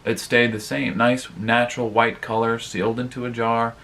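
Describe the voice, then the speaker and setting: A man's voice: mid-range voice, little pitch movement, normal speed, fairly bright tone. A man hosting his own advice vlog, talking casually and rambling, with lots of fillers and frequent asides to his viewers. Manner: rambling, filler-heavy, addresses viewers directly. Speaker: vlogger host.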